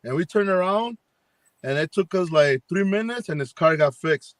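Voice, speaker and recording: A man's voice: high-pitched, animated, moderate pace, no room sound. A man, a paranormal investigator, telling a ghost story in a rambling way on a video call, acting out what people said with lots of fillers. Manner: rambling, acts out quoted dialogue with many fillers. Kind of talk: casual storytelling on a live chat.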